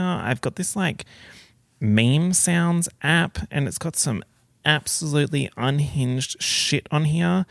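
A man's voice: fairly high pitch, gravelly, no echo, clean studio sound. A man hosting a casual solo podcast, chatty and campy, full of slang and swearing, recorded on a portable recorder. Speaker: podcast host.

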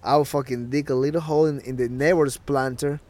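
A man's voice: medium pitch, steady tone, fairly quick, a little mellow. Ecuadorian-born man telling stories. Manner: rambling anecdotes with frequent swearing. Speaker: podcast co-host. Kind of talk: casual chat.

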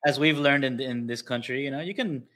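A man's voice: medium pitch, brisk, a bit bright. A man co-hosting a casual podcast over a remote call, with easygoing, agreeable banter. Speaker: podcast co-host. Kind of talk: casual chat.

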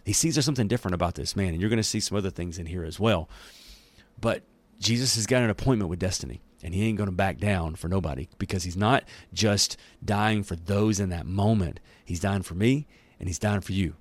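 A low-voiced man teaching a Bible chapter in a relaxed, conversational way, using folksy slang. The sound is dry and close. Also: brisk, no room sound. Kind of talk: casual Bible teaching and reading.

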